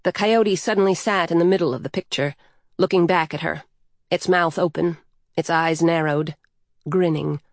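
A woman with a slightly low voice reads a story aloud in a calm, even way. The sound is dry and close, with no room echo. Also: moderate pace. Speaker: narrator. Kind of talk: scripted narration of a story.

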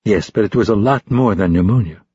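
A man doing a composed woman doctor in an audiobook, blunt and matter-of-fact, in a low, husky voice. The recording is dry and a bit dull. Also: brisk, mellow, no room sound.

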